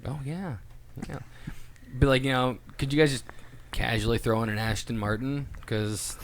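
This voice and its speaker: A man's voice: medium pitch, fairly even intonation, normal speed, a little hiss or hum. An American man co-hosting a podcast, chatting casually and joking with a lot of laughter. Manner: jokey, laughs often. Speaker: podcast co-host and part owner. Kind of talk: casual chat.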